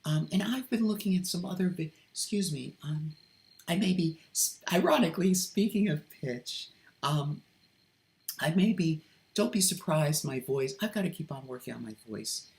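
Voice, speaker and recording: A woman hosting a casual vlog, talking hesitantly with many ums and restarts, carefully keeping her voice soft and deliberate. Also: low voice, lively intonation. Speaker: video host. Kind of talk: unscripted vlog commentary with read-aloud quotes.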